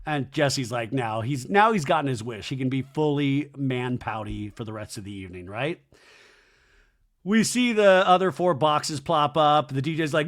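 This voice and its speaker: A man's voice: on the high side, lively intonation, normal speed. A man hosting a podcast, recapping a reality show in a casual, sarcastic way and acting out the quotes in exaggerated voices. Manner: profane and sarcastic.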